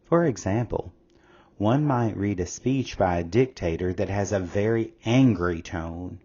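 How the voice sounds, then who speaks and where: A man narrating a scripted English lesson in a slow, measured, explanatory way. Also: fairly low pitch, mellow, breathy edge. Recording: slightly dull lo-fi audio.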